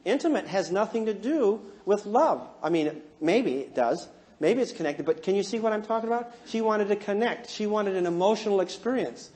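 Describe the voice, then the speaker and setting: A middle-aged counselor with a high voice tells humorous stories to a live audience during a seminar talk. He's animated, jokey, and self-mocking, swinging from hushed tones to loud ones.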